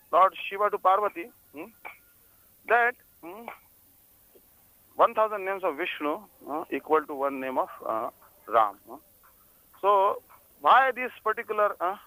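A man's voice: high voice, bright, forceful tone, rough recording. A man giving a spiritual discourse, telling stories and often checking in with listeners with a questioning "hmm?". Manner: storytelling, frequent "hmm?" prompts to listeners. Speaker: religious speaker. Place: on a pilgrimage journey.

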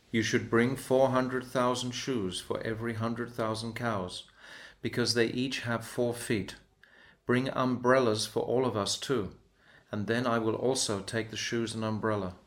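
A man's voice: mid-range voice, natural voice. A man reading the lines of an indignant young cowherd boy in a devotional story, pleading and protesting. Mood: earnest.

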